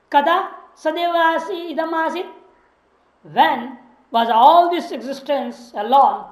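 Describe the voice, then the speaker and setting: A woman's voice: fairly high pitch, roomy sound, low-quality recording. A woman teaching a scripture class, reciting Sanskrit phrases and explaining them word by word in English. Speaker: Vedanta teacher.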